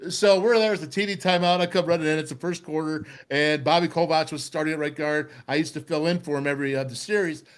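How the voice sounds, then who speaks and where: Middle-aged male sports-talk host, fairly high voice, animated storyteller who does the voices. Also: fast, hardly any pauses, clear, resonant tone. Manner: animated storyteller, acts out voices, laughs often. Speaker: radio show host, former football player.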